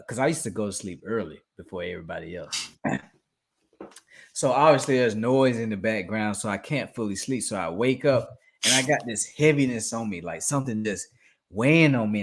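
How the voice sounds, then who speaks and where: A young man in casual chat, telling a story animatedly and acting out scenes with loud outbursts and laughter. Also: medium pitch.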